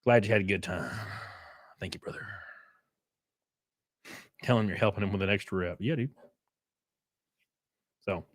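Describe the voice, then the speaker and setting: A man's voice: mid-range voice, a bit bright, no echo, studio quality. A man streaming live, giving casual, profane reaction commentary and acting out quotes as he tells stories.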